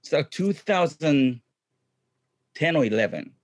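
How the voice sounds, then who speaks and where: A middle-aged man, a guest chatting in an interview in upbeat, halting English full of ums. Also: fairly high pitch, expressive, dry recording, clean studio sound. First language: Japanese. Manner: upbeat, frequent ums, non-native phrasing. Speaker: guest, clown comedian and actor. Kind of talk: casual interview chat.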